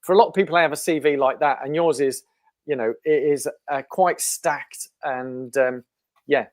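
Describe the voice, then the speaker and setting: A man's voice: fairly high pitch, steady tone, normal speed, dry recording. Upbeat English man hosting a podcast. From England. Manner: upbeat, chatty, enthusiastic. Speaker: podcast host. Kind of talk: casual podcast interview.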